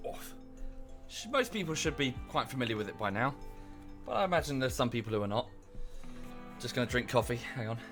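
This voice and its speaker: A man's voice: mid-range voice, lively intonation, normal speed, pauses often, a bit bright, faint music behind. A man streaming from home in a casual, rambling chat, a bit out of breath. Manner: chatty, rambling with many fillers. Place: home room.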